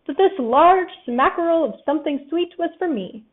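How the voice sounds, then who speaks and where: A gentle, slow-witted teddy bear who lives for honey, read by a woman in a storybook voice. The pitch sits a little high. The audio is thin and tinny, like a phone line. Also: lively intonation. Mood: earnest. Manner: slow and simple-minded.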